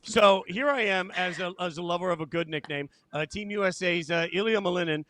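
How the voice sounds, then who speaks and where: A man's voice: sits high, brisk, bright, forceful tone, no echo. A man hosting a casual sports podcast in a playful, jokey manner. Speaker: podcast host.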